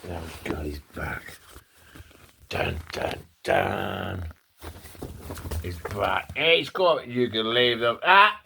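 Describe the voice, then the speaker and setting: A man's voice: on the low side, drawn-out words, vocal fry, pauses often, sharp tone, a little hiss or hum. A man talking to his pet bird at home, teasing and scolding it and swearing casually. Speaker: pet owner vlogger. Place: indoors at home. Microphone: phone camera held close.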